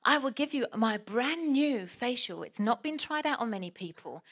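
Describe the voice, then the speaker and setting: A woman putting on a slow, drawn-out foreign accent to play a gushing female spa therapist. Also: on the high side, expressive, fairly bright tone. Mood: proud.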